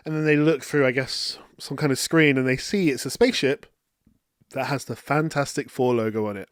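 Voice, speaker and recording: A man hosting a casual movie review show, animated and quoting characters in a raised voice, with hay fever that keeps him coughing. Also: medium pitch, brisk, no room sound, studio quality. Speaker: film review host.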